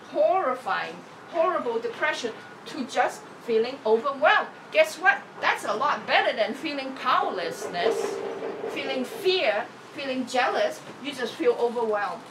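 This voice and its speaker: Expressive woman teacher, noisy background. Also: a little high, moderate pace, recorded from a distance. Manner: expressive, swinging between emphatic and soft, acting out feelings. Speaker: spiritual teacher. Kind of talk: motivational talk to camera.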